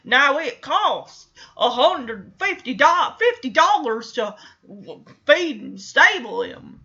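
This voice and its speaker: A woman's voice: high voice, sing-song, slow, bright, forceful tone, lo-fi sound, heavily acted. A woman voicing a folksy older male stable hand with a drawling manner. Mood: cautioning.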